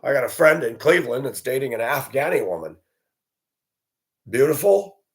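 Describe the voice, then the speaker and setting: A man delivers a solo vlog monologue, indignant and blunt. He rants straight to camera in an average-pitched voice. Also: sing-song, moderate pace. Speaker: vlogger.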